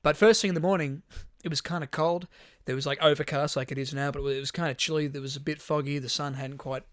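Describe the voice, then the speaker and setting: Young aussie bloke rambling through a story, bright slightly high voice, dry close mic. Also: male voice, fairly even intonation, quick pace, no room sound. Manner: rambling storyteller, lots of swearing and restarts. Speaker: podcast co-host. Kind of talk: casual chat.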